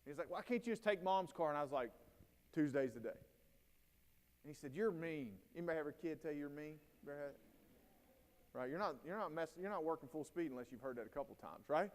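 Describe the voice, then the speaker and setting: A man, giving a keynote talk to educators and telling stories with lively acted-out quotes. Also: fairly high pitch, brisk. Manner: storytelling, animated, acts out quotes. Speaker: keynote speaker at a teacher training day. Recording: long hall reverb.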